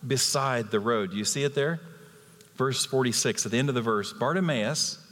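A man's voice: mid-range voice, moderate pace, a bit bright. A man delivers a sermon in a mid-range voice, pressing his points with rhetorical questions. His words ring out with a long hall reverb, as if from a sanctuary. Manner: emphatic, asks rhetorical questions. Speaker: guest preacher.

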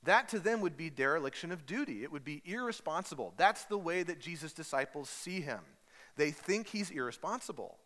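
A male pastor tells a story in his sermon, playfully acting out the people in it. His voice is bright and forceful. The sound carries a long church-hall reverb. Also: on the high side, fairly quick. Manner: storytelling, animated, acts out voices with humor.

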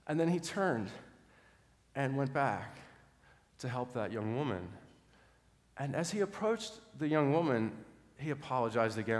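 A middle-aged male pastor tells a sermon story in an earnest, mid-pitched voice. He stumbles over words and repeats them, then sinks to a hush at tender moments. His voice rings out with a long reverb, as in a church sanctuary. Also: animated, moderate pace. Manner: earnest, repeats words in restarts, drops soft for quiet moments.

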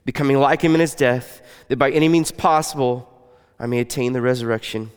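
A man preaching a sermon in an earnest, conversational way, his voice often dropping soft and quiet. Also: medium pitch, steady tone, a little fast, clear, resonant tone, long reverb tail. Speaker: pastor.

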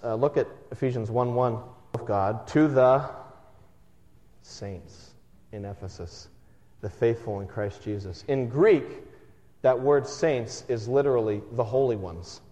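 A man's voice: medium pitch, moderate pace. Man preaching, casual storytelling tone, long hall reverb, muffled lo-fi sound. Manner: conversational, animated storytelling with self-deprecating humor. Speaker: pastor. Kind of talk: sermon.

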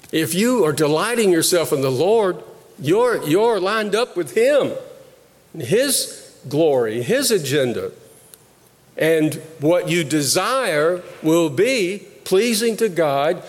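A man delivers a sermon at a slow, measured pace, pausing often and going back over his words. His voice sits a bit high for a man. The sound carries a long reverberant tail, like a large hall. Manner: slow, deliberate preaching with pauses and repeated phrases. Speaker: pastor.

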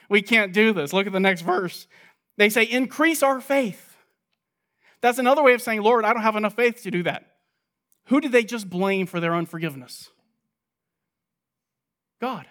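A man with a high voice delivers an earnest sermon, reading passages aloud and then explaining them. He speaks like a preacher leading a Bible study, working through the text one verse at a time. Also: a bit bright.

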